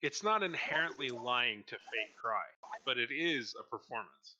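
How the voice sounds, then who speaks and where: A man narrating as dungeon master, relaxed and hesitant, with many fillers. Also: medium pitch, normal speed, background noise. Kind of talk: narrating a tabletop game. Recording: dull lo-fi mic.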